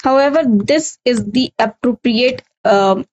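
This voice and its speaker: A woman's voice: fairly high pitch, a little slow, darkish tone, low-quality recording. A woman with an Indian English accent teaching an English grammar lesson, explaining step by step, repeating key points and often saying "okay". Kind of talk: recorded exam-prep lesson.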